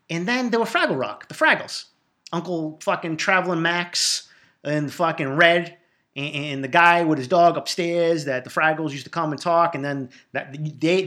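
A man's voice: mid-range voice, pushed and bright. A man, hosting a solo podcast in a rambling, profane, hyped-up way. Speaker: podcast host. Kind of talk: solo casual monologue.

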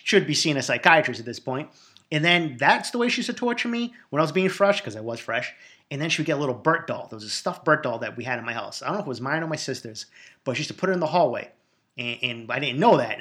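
A man's voice: medium pitch, fairly bright tone. A man, hosting a solo podcast in a rambling, profane, hyped-up way. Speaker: podcast host. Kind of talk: solo casual monologue.

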